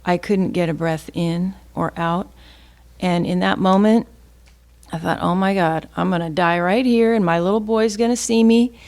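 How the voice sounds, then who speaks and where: A woman's voice: medium pitch, a little mellow. A woman telling a gathering an earnest, heartfelt personal testimony in a plain storytelling way. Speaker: speaker sharing a testimony with the gathering.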